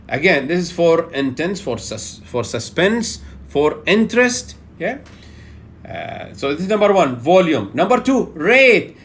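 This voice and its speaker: A man's voice: fairly high pitch, measured pace, slight background noise. A man from Bahrain with a Bahraini accent, teaching public speaking in a lecture and checking in with listeners by often saying "yeah". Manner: animated, repeats "yeah" as a check-in, with frequent fillers.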